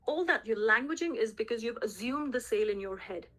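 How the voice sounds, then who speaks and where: A woman leads a sales team through a coaching call in a voice pitched a touch high. She speaks emphatically, hammers her key points home by repeating them, and keeps asking the team whether they are following. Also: lively intonation, brisk, fairly bright tone. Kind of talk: coaching session on a group call.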